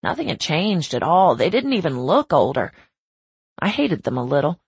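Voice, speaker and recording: A woman narrating a first-person novel in a reflective, measured way with a husky, creaky voice. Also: deep voice, very animated, a little mellow, dry recording. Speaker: audiobook narrator.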